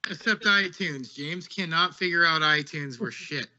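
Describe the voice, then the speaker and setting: Bright-voiced man, dull lo-fi sound. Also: on the high side, moderate pace. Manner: loose, chatty, filler-heavy. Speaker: podcast co-host. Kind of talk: casual podcast sign-off.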